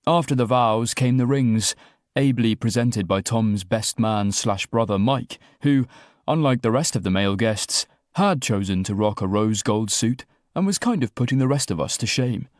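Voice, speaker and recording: This audiobook narrator, a man with an expressive mid-range voice, reads a first-person romantic comedy at normal speed. The studio-quality audio has no echo, and his scripted narration carries wry, self-deprecating comic timing.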